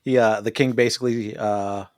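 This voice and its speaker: A man's voice: on the low side, steady tone, normal speed, darkish tone, no room sound, clean studio sound. A man co-hosting a podcast, recapping a TV episode in a casual, profane, joking style and laughing often. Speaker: podcast co-host. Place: podcast studio.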